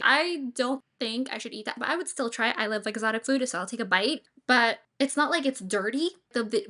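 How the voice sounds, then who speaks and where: A woman's voice: on the high side, fairly bright tone. A young woman host reacting to dating clips with opinionated, advice-giving commentary. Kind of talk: casual commentary.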